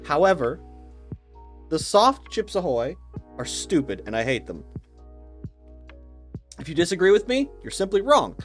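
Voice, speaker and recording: Opinionated, swearing man with a lively voice. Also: high voice, unhurried, pauses often, faint music behind. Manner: opinionated, profane, mock-dogmatic; rambling with frequent restarts. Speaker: YouTuber ranking snacks. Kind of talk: casual ranting commentary.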